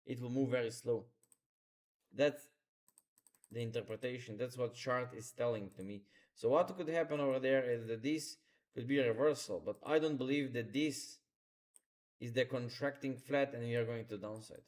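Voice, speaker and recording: A man's voice: medium pitch, moderate pace, darkish tone. Man talking through charts live. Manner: instructive, repeats phrases, non-native grammar. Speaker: trading streamer. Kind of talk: live market commentary.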